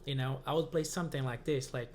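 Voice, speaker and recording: A man's voice: mid-range voice, fairly even intonation, quick pace. A man who speaks as his gives a casual music lesson, counting beats aloud between guitar examples. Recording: guitar playing heard loudly.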